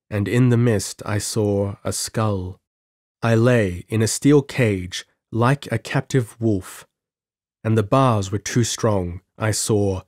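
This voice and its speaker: Low-voiced guy reading an audiobook, slow and dramatic, dry close mic. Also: a little mellow, no room sound. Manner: measured, dramatic storytelling. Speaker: audiobook narrator. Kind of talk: scripted audiobook narration.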